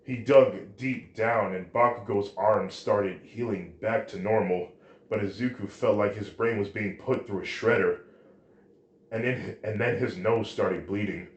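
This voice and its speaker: A man reading a fan story aloud, halting now and then with restarts. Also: fairly low pitch, fairly even intonation, muffled recording. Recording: roomy echo.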